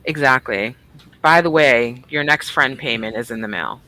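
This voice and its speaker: A woman's voice: a bass voice, moderate pace, pushed and bright, a little hiss or hum. A woman co-hosting a casual livestream, bubbly and teasing as she greets viewers. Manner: bubbly, teasing, swings between squeals and mutters. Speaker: livestream co-host.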